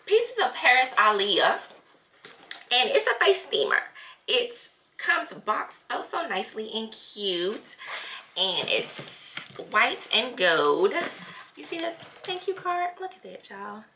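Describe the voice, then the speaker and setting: Bright, gravelly-voiced chatty woman vlogger. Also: a little high, slow pace, a little hiss or hum. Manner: chatty and lively, full of slang and fillers. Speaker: family channel vlogger. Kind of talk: casual chat vlog. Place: at home.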